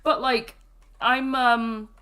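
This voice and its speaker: A woman's voice: on the high side, flat delivery, very slow, sharp tone, clean tone, rough recording. A British woman chatting casually on a stream, telling stories with lots of giggling and fillers. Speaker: stream co-host. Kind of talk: casual chat while drawing on a stream.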